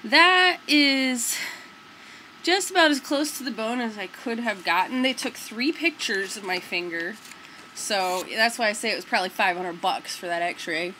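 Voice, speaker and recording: A woman's voice: fairly high pitch, a little slow, bright, forceful tone, a little hiss or hum, low-quality recording. A young woman vlogger telling a story to the camera in a rambling, casual way, full of fillers like "like" and "dude".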